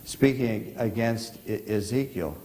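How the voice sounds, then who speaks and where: Halting pastor in an echoing church. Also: male voice, fairly low pitch, warm tone, a little hiss or hum. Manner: halting, repeats words, asks the congregation questions. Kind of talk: rambling sermon anecdotes. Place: church sanctuary.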